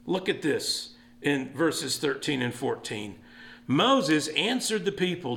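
High-voiced earnest pastor. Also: male voice, very animated, takes it slowly, vocal fry, fairly bright tone. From East Texas. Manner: earnest, rising to emphatic exhortation. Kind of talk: sermon.

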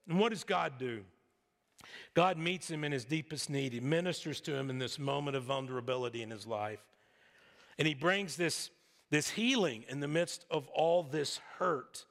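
Gravelly preacher in a reverberant hall. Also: male voice, on the high side, normal speed, fairly bright tone. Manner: conversational, joking asides. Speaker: pastor. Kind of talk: sermon.

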